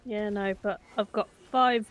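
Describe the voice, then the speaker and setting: A woman's voice: medium pitch, steady tone, measured pace, muffled recording, a little hiss or hum. A woman with a southern English accent chatting casually with friends over voice chat, laughing easily.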